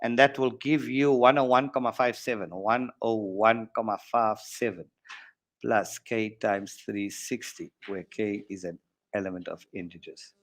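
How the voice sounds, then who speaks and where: A man's voice: lowish voice, a little slow. A South African man teaching maths in an online exam workshop, joking and bantering between worked steps. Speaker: maths tutor. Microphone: online stream mic.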